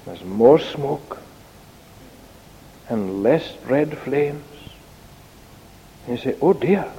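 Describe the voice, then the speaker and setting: A man with a gravelly voice gives a children's sermon in an unhurried, animated, sing-song manner. His voice carries a long reverb, as if recorded in a large hall. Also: medium pitch, dull audio, a little hiss or hum. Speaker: preacher giving a children's talk.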